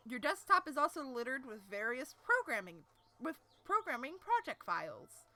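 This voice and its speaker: A woman's voice: high-pitched, very animated, normal speed, bright, forceful tone. A woman reading a webcomic aloud on a live stream, with casual, self-deprecating asides and stumbling over words.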